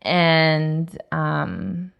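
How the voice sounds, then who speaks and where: A young woman in her twenties, a podcast co-host, telling a personal story in casual chat, animated and laughing often. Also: sits low, drawn-out words, gravelly, clear, resonant tone, lo-fi sound. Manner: animated, voices other people, laughs often.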